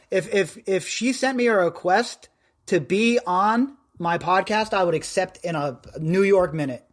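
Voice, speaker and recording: A man from Las Vegas hosting a podcast live stream, chatting in a rambling, loudmouthed way. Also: high voice. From Las Vegas, USA. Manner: rambling, self-described loudmouth. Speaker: podcast host. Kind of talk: casual live-stream chat.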